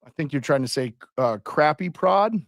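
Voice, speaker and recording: A man's voice: a little high, animated, normal speed, dry recording, studio quality. A man hosting a casual live hockey stream, chatting loosely and calling out viewers and their locations. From Canada.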